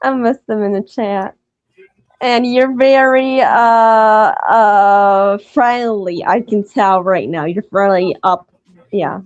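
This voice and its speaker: A woman calling in to a livestream panel, speaking in a hesitant, halting way with many restarts, over dull lo-fi call audio. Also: medium pitch, fairly even intonation, dry recording. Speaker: caller joining a livestream panel. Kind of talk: casual chat.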